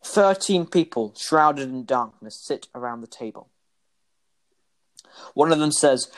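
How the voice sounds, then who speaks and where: A man's voice: mid-range voice, expressive, measured pace, long pauses, poor audio. A man running a tabletop game as game master, narrating scenes playfully.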